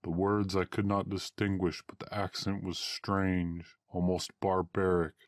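A man narrating a first-person adventure story aloud in old-fashioned, archaic wording, at a steady storytelling pace. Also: sits low, a little slow, dry recording, clean studio sound.

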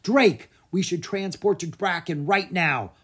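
A narrator voicing a quick-thinking young girl adventurer in a children's storybook, brisk and confident. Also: mid-range voice, fairly bright tone, husky, voice pushed up.

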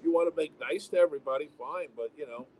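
A man's voice: on the high side, fast, darkish tone, rough recording. A man who owns comedy clubs, talking bluntly and with strong opinions in a casual interview. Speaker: comedy club owner. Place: home town with fire sirens.

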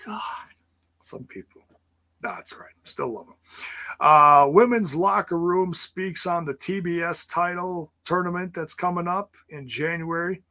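Slow, rambling man, bright tone. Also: high voice, steady tone. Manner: rambling, sarcastic asides, frequent ums and laughs. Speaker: wrestling show recap host. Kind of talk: casual livestream recap chat.

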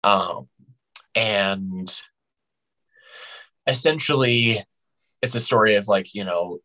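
A man chatting as an actor guest on a podcast, hesitant, with many fillers and restarts, and his voice jumps up high when he quotes himself. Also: bright, forceful tone, poor audio. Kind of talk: casual podcast chat.

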